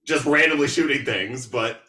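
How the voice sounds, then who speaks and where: A man's voice: mid-range voice, moderate pace, bright, forceful tone, reverberant, distant mic, lightly acted. A man putting on a mocking voice for a flustered, whiny woman undercover agent.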